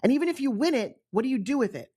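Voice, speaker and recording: A middle-aged woman from New York with a New York accent, telling her own life story on a podcast in an animated way, acting out the people she quotes. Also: sits high, rapid-fire, husky. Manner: animated, acts out quoted voices, frequent restarts. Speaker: guest storyteller.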